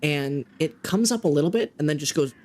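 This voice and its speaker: A man running a tabletop game as game master, describing scenes in a halting way with many ums and restarts. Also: a little high, lively intonation, darkish tone, slight background noise.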